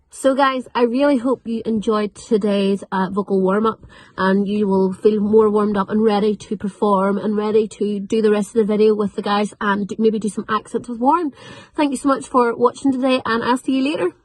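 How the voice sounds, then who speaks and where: A young woman, teaching children an online vocal warm-up class in an upbeat, encouraging way. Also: medium pitch, no room sound, rough recording. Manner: upbeat, encouraging, repeats drills slowly. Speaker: drama teacher. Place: at home.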